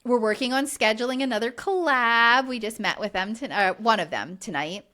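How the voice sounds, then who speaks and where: A woman's voice: fairly high pitch, moderate pace, bright, forceful tone. A woman co-hosting a podcast, recapping reality TV in casual chat, chatty and exasperated, full of fillers. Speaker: podcast co-host.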